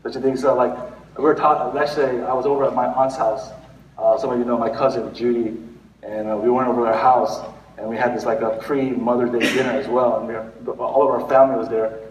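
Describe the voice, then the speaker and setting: A man's voice: medium pitch, flat delivery, brisk, slight background noise. A male pastor giving a conversational sermon, rambling with restarts and fillers. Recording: echoey hall, recorded from far off.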